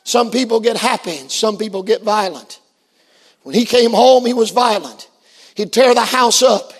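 High-voiced preacher in an echoey hall. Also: male voice, moderate pace, husky. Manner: shouts and then drops very low for the story. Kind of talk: sermon.

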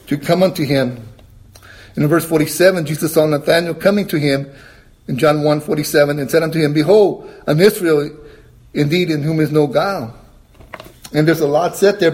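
A man preaching a sermon, emphatic and questioning his listeners, reading scripture in a slower, lower tone and often clearing his throat. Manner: emphatic, rising to high exclamations, asks the congregation questions.

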